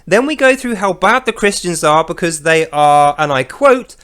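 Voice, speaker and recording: A man's voice: high-pitched, animated, moderate pace, few pauses, a bit bright, clean tone. A man hosting a mocking, profane commentary on scripture, speaking sarcastically. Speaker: host of a religious critique channel.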